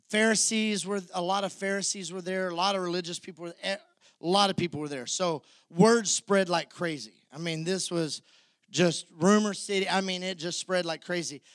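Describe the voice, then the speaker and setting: A man's voice: sits high, dry recording, studio quality. A man preaching a sermon as pastor, retelling scripture vividly and calling out to the congregation. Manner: vivid storytelling, audience call-outs.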